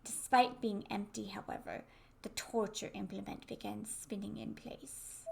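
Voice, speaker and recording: A woman's voice: medium pitch, fairly even intonation, measured pace, creaky, a little mellow, a little hiss or hum. A woman commentating a horror game let's play, jumpy, laughing and swearing at the scares. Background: game music.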